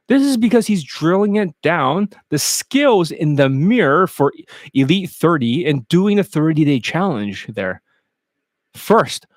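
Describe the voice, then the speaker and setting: A man's voice: fairly high pitch, no room sound, studio quality. A man coaching in a casual live-stream sales monologue, blunt and profane, rambling and slipping in and out of put-on accents. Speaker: dating coach.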